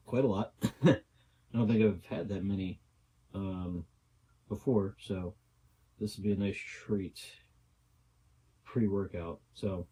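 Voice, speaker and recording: A man's voice: on the low side, warm tone, a little hiss or hum, low-quality recording. A young man talking casually through a cooking vlog, rambling with lots of fillers and little asides. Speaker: bodybuilder vlogger.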